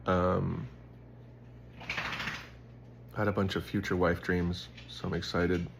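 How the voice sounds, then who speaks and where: A man's voice: deep voice, flat delivery, takes it slowly, vocal fry, noisy background. A young man hosting a casual Bible devotional, telling stories in a rambling way full of "like" and fillers. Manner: rambling, filler-heavy storytelling with lots of "like".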